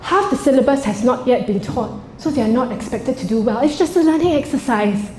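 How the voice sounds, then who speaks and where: A woman voicing a calm, reassuring school principal who talks in a soothing, upbeat way. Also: high-pitched, brisk. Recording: roomy stage sound, faint ambience.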